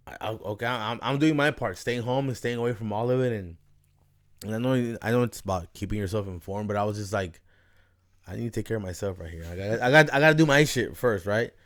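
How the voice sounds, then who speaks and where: A man's voice: lowish voice, fairly quick, fairly bright tone. A young man hosting a podcast, chatting loosely, swearing often and laughing. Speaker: podcast host. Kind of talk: casual chat.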